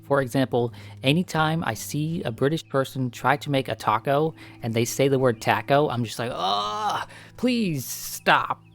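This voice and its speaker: A man's voice: medium pitch, normal speed, hardly any pauses. An American man streaming a fishing game, chatting casually and rambling through opinionated tangents. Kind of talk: casual gameplay chat.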